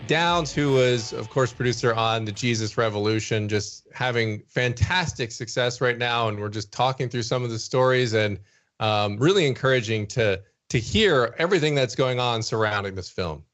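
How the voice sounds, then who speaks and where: A man's voice: mid-range voice, moderate pace, fairly bright tone. A man hosting a faith talk show, handing off to a break and back with upbeat transitions. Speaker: host.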